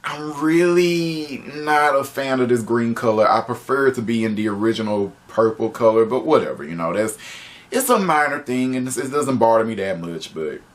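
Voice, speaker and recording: A man reviewing a show on video in a loose, chatty way. He is animated, laughs often and swears freely, at a middling pitch for a man. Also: normal speed. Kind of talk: casual spoken review.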